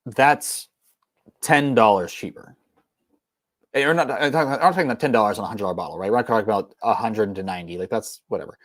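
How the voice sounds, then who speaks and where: Low, dry-voiced man chatting on a livestream. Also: very fast, few pauses, no echo. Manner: rambling, many ums and restarts. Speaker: whiskey channel host. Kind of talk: casual livestream chat.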